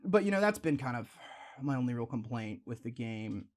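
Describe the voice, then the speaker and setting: A man's voice: medium pitch, brisk. Chatty man opening card packs. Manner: rambling, chatty asides between pulls; excited exclaiming over shiny cards. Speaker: card-opening video host. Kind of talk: casual pack-opening chat.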